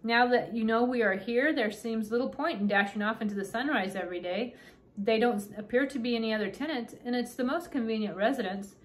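A woman's voice: a little high, a little fast, natural voice. A woman voicing a fussy, haughty little doll-sized king who speaks in a dry, formal way.

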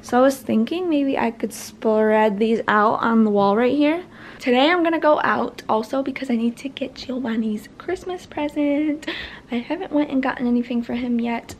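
A woman's voice: on the high side, creaky, a little hiss or hum. A young woman chatting casually to her camera at home, rambling and often breaking off mid-sentence. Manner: rambling and self-interrupting, trails off mid-sentence. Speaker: vlogger. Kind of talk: casual vlog chat. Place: at home, indoors.

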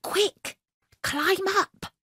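A woman voicing a sweet, brave young princess in a storybook reading, speaking in a soft, gentle way. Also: drawn-out words, no room sound, clean studio sound. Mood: whispering urgently.

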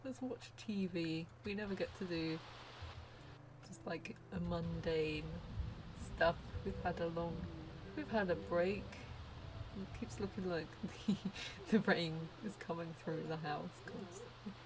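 A woman's voice: on the low side, unhurried, noisy background. A woman chatting casually through a gameplay session as a let's play host, laughing often and now and then dropping to a near whisper.

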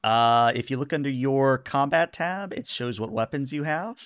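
A man's voice: mid-range voice, normal speed, fairly bright tone, clean tone, no echo. A man narrating a tabletop game as game master, in a dry, matter-of-fact way.

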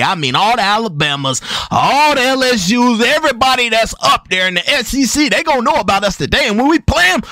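A man's voice: sits high, bright, forceful tone, dry recording, studio quality. Hyped young man calling game plays. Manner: hyped, swaggering play-by-play, switching between narrator and player. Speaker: gaming YouTuber. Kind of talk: game commentary and role-play narration.

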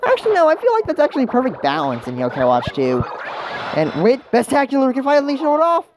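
A woman's voice: high voice, wildly swooping pitch, fast, background noise. A woman giving casual let's-play commentary, chatty and rambling, who mocks herself and talks to the game characters. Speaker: gaming channel host. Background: game music.

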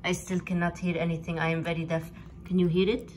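A young woman narrating a comedic day-in-the-life vlog in playful, deliberately broken English. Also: lowish voice, level tone, darkish tone, a little hiss or hum. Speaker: comedy vlogger.

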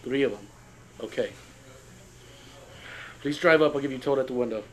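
A man acting in a scripted comedy sketch, talking calmly and then erupting into shouted tantrums at people who are not heard. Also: medium pitch, normal speed. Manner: talks to unseen people on phone and field.

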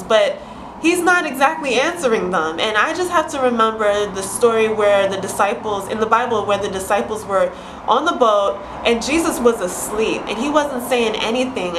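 A woman's voice: fairly high pitch, slight background noise. A woman in her twenties vlogging in a casual, earnest and encouraging way about her faith, often restarting her sentences. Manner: earnest, encouraging, with frequent restarts and soft laughs. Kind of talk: casual faith-sharing vlog. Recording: echoey room with faint background ambience.

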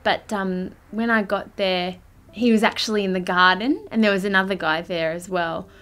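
A woman's voice: medium pitch, steady tone, normal speed, a bit bright. A young woman shyly recalling a story in a documentary interview, with lots of fillers and restarts. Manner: hesitant, shy, many fillers and restarts. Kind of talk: documentary recollection.

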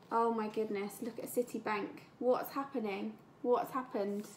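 A woman teacher with an English accent reads a storybook aloud to young children, pausing to explain words and ask them questions. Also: fairly high pitch, steady tone, slight background noise. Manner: slow, gentle and explanatory, asking the children questions. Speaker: primary school teacher.

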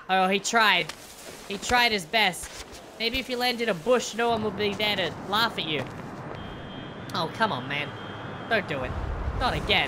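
A woman's voice: on the high side, very animated, a little slow, background noise. A woman giving playful, jokey reaction commentary as a video host, full of exclamations.

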